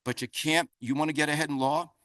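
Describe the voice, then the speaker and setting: An older man with a New Jersey accent giving a motivational speech, a loud and talkative storyteller. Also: a little high, steady tone, fast. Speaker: keynote speaker. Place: conference center.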